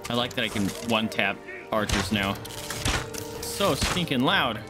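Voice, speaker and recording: Excitable young gamer yelling at enemies. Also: male voice, on the low side, a little slow, music in the background. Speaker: gaming streamer. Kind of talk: casual let's-play commentary.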